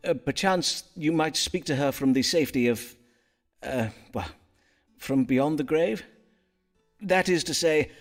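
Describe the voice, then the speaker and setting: An actor voicing a pompous Elizabethan astrologer-physician in a narrative game, speaking in florid archaic phrasing. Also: male voice, mid-range voice, lightly acted. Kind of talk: voiced game dialogue in Elizabethan English.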